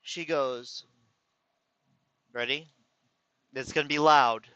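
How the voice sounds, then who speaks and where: A man's voice: mid-range voice, fairly even intonation, takes it slowly, pushed and bright, smooth, no room sound. A man telling a rambling story in a casual venting way, with a slight lisp and some slurred words, often correcting himself. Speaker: vlogger. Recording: dull lo-fi sound.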